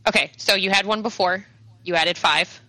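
Woman gm narrating a tabletop game, halting with lots of fillers, really bright voice, dry close sound. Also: medium pitch, dry recording, rough recording. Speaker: game master.

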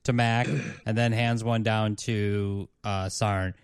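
A man narrating a tabletop game as game master, halting with fillers. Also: fairly low pitch, little pitch movement, clean tone, dry recording, clean studio sound.

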